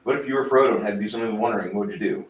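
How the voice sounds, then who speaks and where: A man's voice: on the low side, racing, echoey room, slight background noise, rough recording. A man hosting a casual tabletop gaming chat, reading out viewer comments in a laid-back, wry way. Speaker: podcast host.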